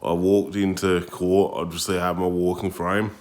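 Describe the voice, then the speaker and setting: An Australian man tells a story in a casual vlog, blunt and laid-back. His voice sits very low and barely rises or falls. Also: flat delivery, moderate pace, a little mellow. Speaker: vlogger.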